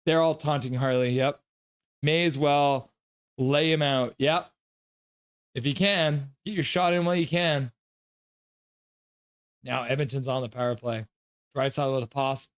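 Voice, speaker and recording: A man's voice: mid-range voice, normal speed, smooth. Chatty man calling hockey on a live stream. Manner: reads chat aloud, jokes and laughs often; bursts into excited goal calls. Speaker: live stream reaction host. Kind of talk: casual live chat with play-by-play.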